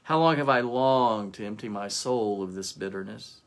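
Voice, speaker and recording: A man's voice: lowish voice, normal speed, lightly acted. A man voicing a bitter, learned old scholar who cries out in indignation. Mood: sorrowful.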